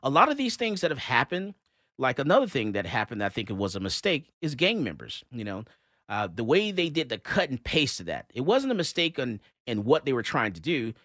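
A man hosts a talk radio show, recorded dry and close in the studio. His pitch rises and falls a lot as he tells his story, full of fillers and restarts. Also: fairly bright tone, dry recording. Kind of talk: casual talk-radio monologue.

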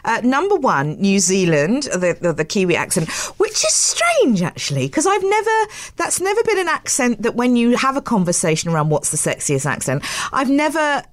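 Lively South African woman radio host. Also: mid-range voice, a little fast. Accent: South African English, Johannesburg. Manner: chatty, expressive, self-deprecating. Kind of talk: casual radio chat.

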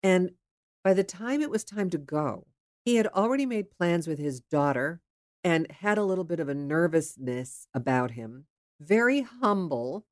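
A woman's voice: on the low side, animated, moderate pace, no echo, clean studio sound. A woman from the Pittsburgh area candidly telling a personal dating story in a frank, chatty way, with the odd swear. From Pittsburgh area, USA. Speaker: storyteller sharing her dating life.

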